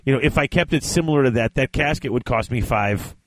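Podcast co-host, man, excitable and laughing, dry mic, medium pitch. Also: quick pace, dry recording. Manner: animated, laughs often, many restarts. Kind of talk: casual chat about tabletop wargaming.

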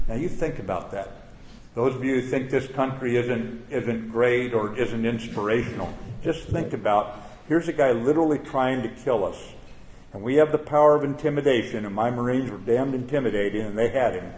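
An older man, a retired general, giving a plain-spoken speech with anecdotes to a live audience, halting now and then with fillers. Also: medium pitch, darkish tone, slight background noise. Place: event venue before an evening audience. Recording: roomy room with faint ambience.

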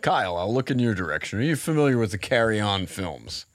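A man's voice: lowish voice, big pitch swings, quick pace. A man hosting a podcast, chatting casually and rambling with lots of fillers. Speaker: podcast host. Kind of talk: casual chat.

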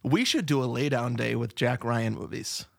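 A man's voice: mid-range voice, animated, normal speed, gravelly, dry recording, studio quality. A man co-hosting a movie podcast in casual chat, playful and musing, with self-doubting asides. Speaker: podcast co-host.

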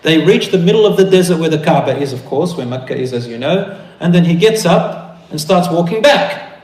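A man preaching a sermon to brothers and sisters, telling a story with animated, rising emphasis. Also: fairly high pitch, fairly quick. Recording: echoey room.

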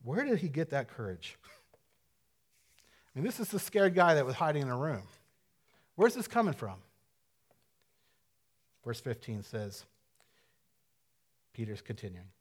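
A man preaching a sermon in a conversational, dynamic way, dropping to a hush and then rising to loud emphasis, with casual asides and quick self-corrections. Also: medium pitch, very animated, slightly rough. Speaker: pastor.

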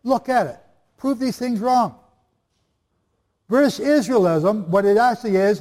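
A man's voice: high-pitched, a little mellow. A man preaching and teaching the Bible to a live audience, chatty and jokey, often quizzing the listeners. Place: hall before a live audience. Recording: long reverb of a large hall.

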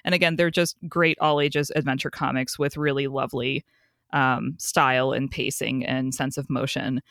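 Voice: medium pitch, steady tone, normal speed, gravelly, a bit bright, dry recording, studio quality. A podcast co-host in casual chat, chatty and given to frequent laughs and fillers.

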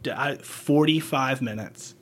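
A man's voice: mid-range voice, measured pace, a bit bright. A man, a medic guest on a podcast, telling a blunt, profane story in casual conversation.

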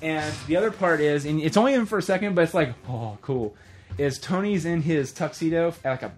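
Animated man retelling a movie. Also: a little high, faint music behind. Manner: animated storyteller who acts out movie scenes in quick voices. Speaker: podcast co-host. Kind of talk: casual movie chat.

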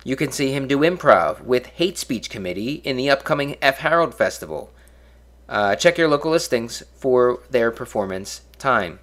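A man's voice: mid-range voice, lively intonation, normal speed, fairly bright tone. A man hosting a podcast, signing off in an offhand, drifting, self-mocking way. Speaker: podcast host. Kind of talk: casual podcast sign-off.

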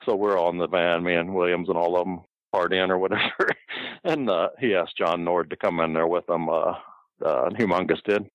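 A very deep-voiced older man spins loose, meandering wrestling road tales in casual storytelling style. His sound is dry and a little dull and lo-fi, as if close to a modest mic. He keeps doubling back and restarting his sentences. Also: fairly even intonation, moderate pace, no room sound. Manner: rambling, with many fillers and restarts. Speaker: former pro wrestler telling road stories.

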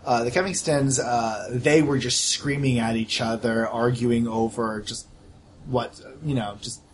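A man narrating as game master in a tabletop role-play, animated and quick to laugh, with frequent fillers. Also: mid-range voice, slight background noise.

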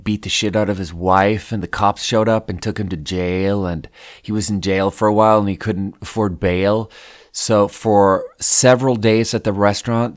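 A man hosting a podcast who tells a rambling, profane story in a casual way. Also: lowish voice. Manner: rambling and profane, with frequent fillers. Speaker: podcast host.

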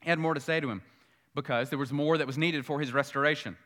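A male pastor preaching a sermon earnestly, repeating key phrases and swelling louder on his points. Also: fairly high pitch, fairly even intonation, fast talker.

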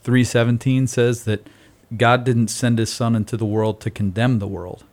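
Guy reflecting on scripture in a casual podcast chat, measured, mid pitch. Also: little pitch movement, darkish tone. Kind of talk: casual faith discussion.

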